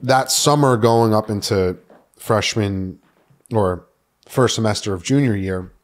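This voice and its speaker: A man's voice: on the low side, unhurried. A man in his thirties from New York City, a podcast guest telling his personal story frankly in casual talk, swearing freely and filling with "uh" and "like". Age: 30s. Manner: candid, swears freely, many fillers like "uh" and "like".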